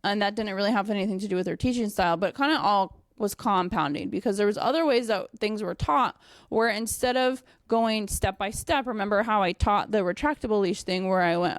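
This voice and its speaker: A young woman and dog trainer telling a casual story, animated, with many fillers and frequent swearing. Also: mid-range voice, a little fast, no echo, studio quality. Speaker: dog trainer and company owner.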